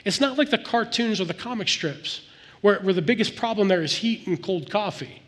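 A man's voice: high voice, animated, moderate pace. Man preaching in a reverberant hall. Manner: earnest, conversational preaching, dropping to soft intensity. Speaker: pastor. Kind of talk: sermon.

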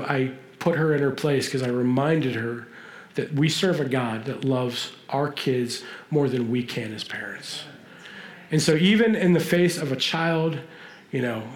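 A man preaching a sermon in a church, earnest and pausing, his voice moving between urgent and hushed. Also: medium pitch, roomy sound. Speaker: pastor.

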